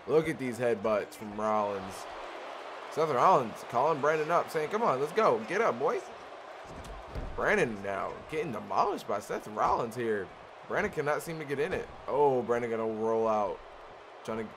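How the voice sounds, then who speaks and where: A man's home recording, with a clear layer of noise underneath, captures him calling a wrestling video game match. His mid-pitched voice is excitable, and he shouts readily when a big move connects.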